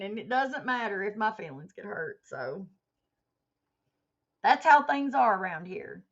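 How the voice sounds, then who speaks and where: A woman's voice: mid-range voice, sing-song, a little slow, long pauses. A woman hosting a casual livestream, telling a story with animation and reading out chat comments as she goes. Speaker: livestream host. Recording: muffled lo-fi stream audio.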